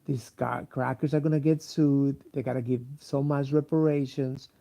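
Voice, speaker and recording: Sleepy, gravelly man. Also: medium pitch, fairly even intonation, mellow. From Mexico. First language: Spanish. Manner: halting, many fillers and restarts, profane. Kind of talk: rambling casual monologue.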